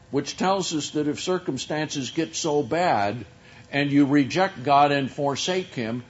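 A man preaching a sermon, teaching from scripture in a slow, deliberate way with drawn-out emphasis. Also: on the high side, dull audio.

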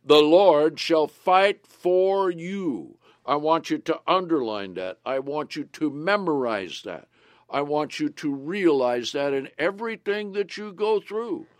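A man's voice: fairly high pitch, animated, measured pace, no room sound, clean studio sound. A man preaching a sermon, retelling scripture scenes with emphasis and repeating key phrases for his listeners.

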